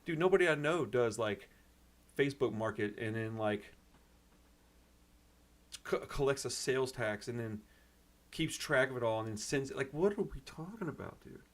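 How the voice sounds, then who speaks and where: A man's voice: mid-range voice, expressive, normal speed, long pauses. A man hosting a punk rock channel, upset and venting in a rambling, casual way that is full of "dude" and "bro.".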